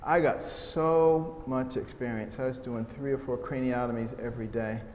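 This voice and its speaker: A man's voice: medium pitch, moderate pace. American man telling stories in an echoey hall. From United States. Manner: humorous, animated storytelling with quoted voices. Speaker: speaker giving a testimony talk. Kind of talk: storytelling talk to an audience. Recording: echoey hall sound with faint noise.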